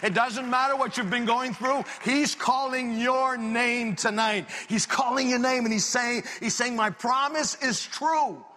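A man's voice: extremely high pitch, fairly even intonation, a little slow, hardly any pauses, bright, forceful tone. A man preaching a sermon, telling stories with emotional, pleading restarts in a large church hall. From French Canada. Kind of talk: sermon storytelling. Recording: long hall reverb.

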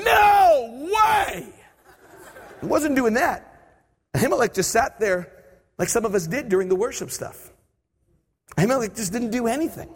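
A preacher with a high, slightly rough voice gives a sermon at a church service, built around a personal story in which he acts out his own thoughts. His voice rings through the church hall with a long reverb tail.

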